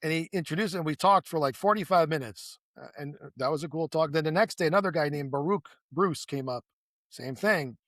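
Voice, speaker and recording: A man with a fairly high voice tells a long story in an easygoing, conversational way. He restarts sentences, adds asides and acts out quoted lines, and the sound is close and dry. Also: fairly quick, no echo. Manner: animated storyteller who acts out quoted dialogue; rambling with many restarts and asides. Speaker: guest.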